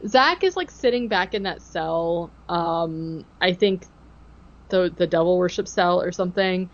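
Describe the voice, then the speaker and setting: A woman's voice: on the low side, lively intonation, unhurried. A woman hosts a casual podcast, recapping a ghost-hunting show with dry sarcasm. She slips into mocking impressions now and then. The audio is a touch dull and lo-fi. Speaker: podcast host.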